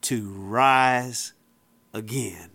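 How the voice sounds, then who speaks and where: A man's voice: medium pitch, extremely slow, vocal fry, pushed and bright. A man preaching a sermon, emphatic, repeating phrases for effect in plain folksy wording.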